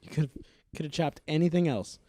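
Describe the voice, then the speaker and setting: A man co-hosting a comedy podcast in casual chat, making wry, deadpan points. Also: a little high, moderate pace, no echo. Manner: wry, builds jokes through deadpan reasoning. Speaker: podcast co-host.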